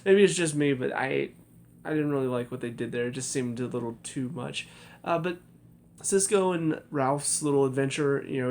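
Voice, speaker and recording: A man's voice: mid-range voice, a little mellow, a little hiss or hum. A young man giving a casual spoken review of a TV episode, hesitant, with many fillers and restarts. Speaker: TV review vlogger.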